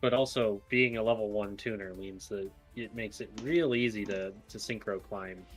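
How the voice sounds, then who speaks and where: A man's voice: lowish voice, normal speed, faint music behind. A man on a casual gaming stream who chimes in with short, dry quips.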